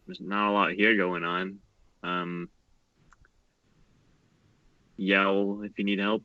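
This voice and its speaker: A man playing a tabletop game, speaking in a relaxed, slightly hesitant way. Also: deep voice, slow, dry recording, highs cut off. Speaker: player.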